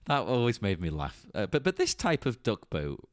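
A man's voice: on the low side, wildly swooping pitch, unhurried, dry recording, studio quality. A man co-hosting a podcast in casual chat, playful and often laughing as he talks. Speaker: podcast co-host. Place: lives in Liverpool.

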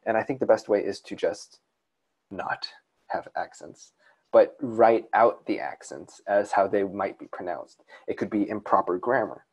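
Rambling southern man, lowish voice. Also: measured pace, slightly rough. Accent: Southern American. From southern United States. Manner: rambling, with frequent restarts. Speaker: podcast co-host. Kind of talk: casual podcast talk on writing.

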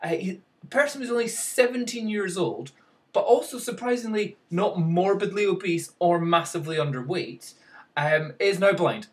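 A man's voice: fairly high pitch, distant mic. Wry rambling man vlogging. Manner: rambling and wry, chuckling often. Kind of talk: casual news commentary.

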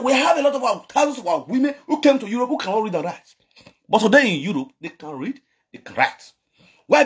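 Nigerian male vlogger, high lively pitch, raspy, mocking rant. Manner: scolding, mocking, repeats phrases, laughs between lines. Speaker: online commentator. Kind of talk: ranting vlog commentary.

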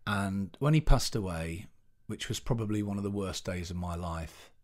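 Panto guy chatting in an interview, lowish voice, keeps restarting mid sentence, full of stories. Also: normal speed. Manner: animated anecdotal storyteller, restarts while searching for words. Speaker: interview guest, pantomime performer. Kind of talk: casual interview chat.

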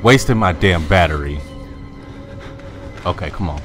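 A young man playing a horror game, swearing, talking to the character he controls and yelling high when scared. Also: expressive, a little slow, faint music behind. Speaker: gamer. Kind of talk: horror game let's play commentary.

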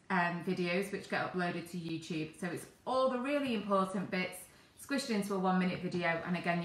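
A woman's voice: medium pitch, a bit bright, slight background noise. A woman co-hosting a live stream, steadily explaining where things are on the website, with many ums. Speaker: co-host reading out website details. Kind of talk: casual live-stream announcements. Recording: echoey kitchen room.

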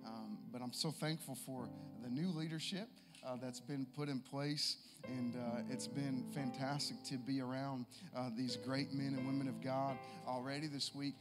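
A man preaching a sermon, moving from easy conversational talk to shouted exhortation. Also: mid-range voice, steady tone, moderate pace. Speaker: pastor. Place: church sanctuary. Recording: long hall reverb with music. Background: live guitar and keys.

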